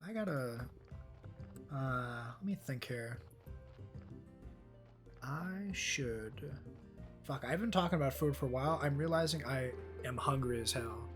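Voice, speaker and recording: A man's voice: mid-range voice, a little slow, long pauses, a bit bright, soft background music. A man streaming a game with casual, profane, rambling commentary, easily delighted by small things.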